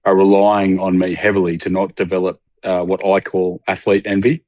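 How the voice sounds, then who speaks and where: A man with an Australian accent, a guest on a casual podcast interview, talking haltingly with many fillers and restarts. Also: low-pitched, little pitch movement, darkish tone, dry recording.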